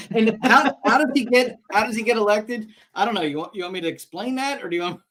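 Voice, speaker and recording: A man co-hosting a podcast in casual chat, wry and slow, dropping dry asides. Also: high voice, fairly bright tone, slight background noise. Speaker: podcast co-host.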